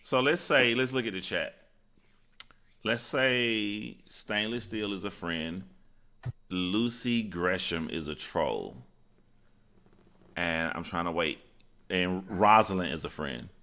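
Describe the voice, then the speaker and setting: Low-voiced guy on a live stream, crisp bright tone, joking around. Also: slow, long pauses. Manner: joking, animated, swings into loud silly voices. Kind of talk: casual live-stream chat.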